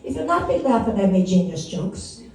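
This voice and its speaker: A woman's voice: medium pitch, big pitch swings, fairly quick, a little mellow, pitched below the performer's own voice. A woman voicing a boastful, mock-menacing inner voice in an Irish brogue. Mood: mock threatening. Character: gruff Irish inner voice, threatening leprechauns. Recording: echoey room from a distance.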